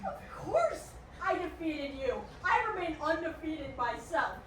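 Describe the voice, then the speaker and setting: Remorseful pleading father, woman acting, high voice, distant theatre sound. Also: sing-song, measured pace, fairly bright tone, a little hiss or hum, full character voice. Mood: smug. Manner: emotional, pleading. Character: remorseful doting father, smug ex-champion. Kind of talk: live stage play acting. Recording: echoey theatre from far.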